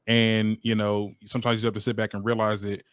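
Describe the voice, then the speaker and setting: A man hosting a casual interview, chatty and relaxed, with many fillers. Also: on the low side, fairly quick, smooth, dry recording, clean studio sound. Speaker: interview host.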